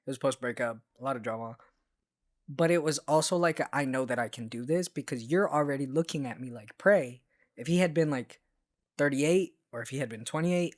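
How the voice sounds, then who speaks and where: A man co-hosting a casual podcast chat, talking in an animated, expressive way with playful exclamations. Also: mid-range voice. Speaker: podcast co-host.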